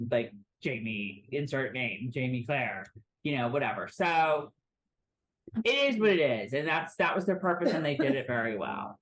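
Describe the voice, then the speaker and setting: A woman's voice: very deep voice, expressive, normal speed. A woman co-hosting a casual recap chat, talking animatedly and mimicking characters in mocking voices. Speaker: podcast co-host.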